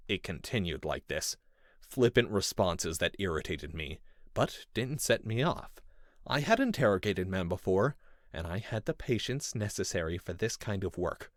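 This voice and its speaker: A man reading a first-person story in measured, intense scripted narration. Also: no room sound, studio quality. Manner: measured and intense, with lively pitch. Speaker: audiobook narrator.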